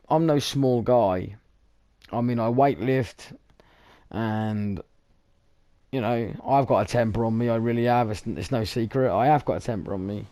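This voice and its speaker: A man's voice: mid-range voice, a little mellow, no echo. A young British man with a gaming channel, rambling in casual, blunt chat full of swearing while he plays. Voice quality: swears freely, chatty, blunt. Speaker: gaming streamer.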